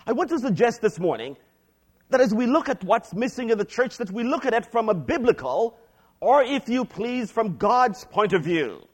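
A middle-aged man preaching a sermon as a pastor, reading scripture slowly and aloud, then praying and teaching. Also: sing-song, breathy edge. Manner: reads scripture slowly, varies pitch widely.

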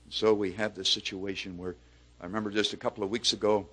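A middle-aged man preaching a sermon, swinging from hushed, low phrases up to loud, emphatic peaks. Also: little pitch movement, quick pace, husky.

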